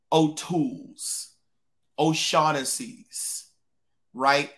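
A podcast host with a fairly high, bright-toned voice runs a live-streamed commentary show. He speaks emphatically, repeating lines to drive them home, and stops now and then to greet viewers in the chat.

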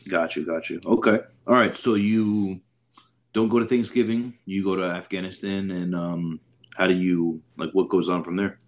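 A podcast host with a low, deep voice who keeps things relaxed and informal. His questions come out loose and unhurried, full of fillers. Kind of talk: casual interview chat.

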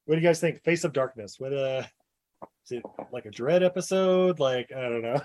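A man's voice: medium pitch, moderate pace, a little mellow. A man co-hosting a casual podcast chat, laughing often and joking crudely. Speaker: podcast co-host.

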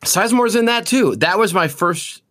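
A man co-hosting a podcast, chatting casually about movies, animated and profane, with loose rambling restarts. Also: sits high, moderate pace. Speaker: podcast co-host.

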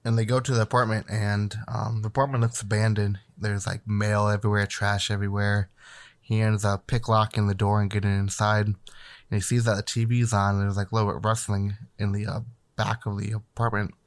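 A man's voice: fairly low pitch, dry recording. A man casually retelling a film's plot in a rambling, loose way, with fillers and profanity. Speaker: co-host recapping a film. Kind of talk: casual chat.

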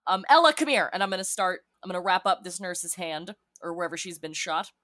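A woman's voice: fairly low pitch, a little fast, a bit bright. A woman playing a tabletop role-playing game, talking through her character's actions in a playful, teasing way. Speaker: player. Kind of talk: tabletop role-play chat.

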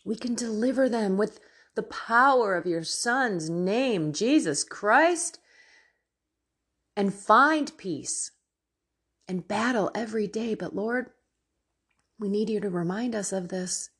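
A woman podcast host leading an earnest, fervent spoken prayer, pleading in a breathy voice. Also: medium pitch, expressive, slow pace, long pauses, fairly bright tone. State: tearful.

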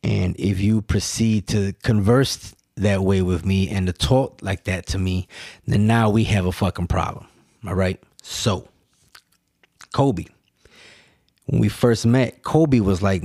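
A man talks through his week on his own podcast, earnest and emphatic, often restarting a phrase before landing it. His voice sits low and unhurried. The sound is dry and close, with no room around it. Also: a little mellow, no echo. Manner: earnest, emphatic, repeats words and restarts, addresses listeners directly. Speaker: podcast host. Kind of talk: solo reflective monologue.

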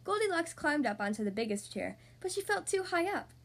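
A woman hosting a podcast, reading a storybook aloud to young children in an expressive, animated way. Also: sits high, fairly quick.

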